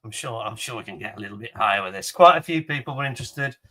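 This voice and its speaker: A man's voice: on the low side, animated, fast, pushed and bright. A man hosting a charity model kit auction in casual chat, laughing often and talking up each kit with enthusiasm. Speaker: auction host showing model kits. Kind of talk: casual live-stream chat.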